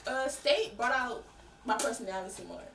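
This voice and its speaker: A woman's voice: fairly high pitch, normal speed, a bit bright. A young woman on a student panel, chatting casually and laughing often. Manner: laughing, playful. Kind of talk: casual group discussion. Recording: echoey room, far from mic, noisy.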